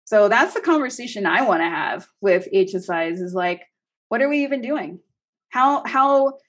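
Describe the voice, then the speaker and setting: A woman guest speaking with emphasis and urgency on a podcast interview, often asking rhetorical questions. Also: mid-range voice. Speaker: guest, education consultant.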